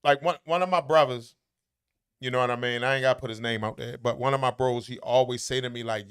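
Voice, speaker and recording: A man's voice: mid-range voice, fairly even intonation, fast talker, fairly bright tone, clean tone. A man talking casually, blunt and profane, with emphatic, brash delivery. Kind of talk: casual chat.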